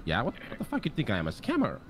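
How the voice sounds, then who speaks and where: A man's voice: mid-range voice, wildly swooping pitch, very fast, a little hiss or hum. A man playing a role-play game, teasing the others in a brash, in-character way. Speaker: fellow player in role-play. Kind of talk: in-character gaming banter.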